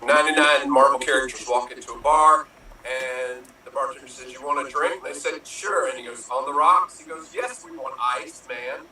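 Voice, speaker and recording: This is a man telling quick improv jokes with a very bright, sharp voice. He is heard from far off in a very echoey room with faint noise behind him, and he laughs at his own setups. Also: medium pitch. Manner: playful, laughs at own jokes, acts out punchlines. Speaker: improv player. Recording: roomy echo from far off.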